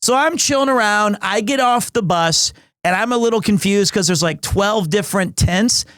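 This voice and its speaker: A man in his forties, a streamer casually telling a story to his chat, animated, and acting out the people he quotes in funny voices. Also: sits high, normal speed, dry recording, clean studio sound. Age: 40s.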